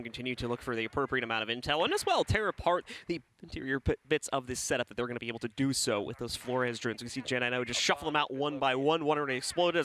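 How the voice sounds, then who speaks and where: A young man casting an esports match, giving fast play-by-play commentary. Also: medium pitch, a little hiss or hum. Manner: fast, energetic, joking with co-caster. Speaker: esports caster.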